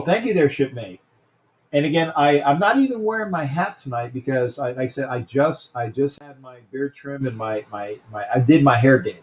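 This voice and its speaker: A man hosting a casual sports talk livestream, greeting viewers by name and often repeating himself. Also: mid-range voice.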